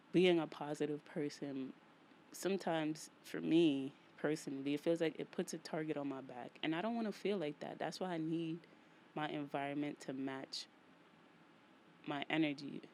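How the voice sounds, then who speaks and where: A woman's voice: deep voice, slight background noise. A woman with a New York accent hosting a casual solo podcast, talking in a playful, slangy way and repeating phrases for emphasis. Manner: animated, playful, slangy, vents with emphatic repetition. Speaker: podcast host.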